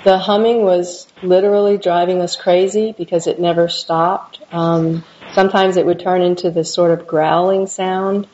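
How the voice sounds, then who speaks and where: A middle-aged woman in an interview, recalling her past in a halting, reflective way with many restarts. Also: mid-range voice, a little mellow. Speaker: interviewee, mother. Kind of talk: personal recollection interview. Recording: dull lo-fi recording, faint hiss.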